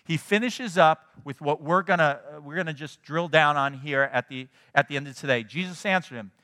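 A man preaching a sermon in a conversational, animated way, often checking in with his listeners. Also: a little high, fairly quick, in a large hall. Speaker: pastor.

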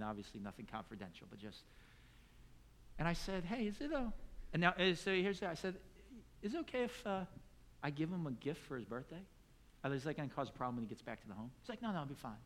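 A middle-aged man preaching a sermon, telling a story and acting out the dialogue, building to loud emphatic peaks. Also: a little high. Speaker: pastor.

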